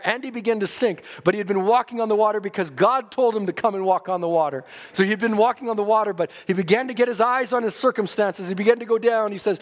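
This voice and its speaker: A man's voice: high voice, long reverb tail. A man preaching a sermon earnestly, his emphasis rising and falling.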